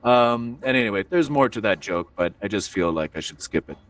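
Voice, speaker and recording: A man's voice: fairly low pitch, expressive, a little fast, a bit bright, dry recording, distant mic. A man hosting a stand-up comedy show in a virtual reality room, rambling and self-deprecating, with many filler asides.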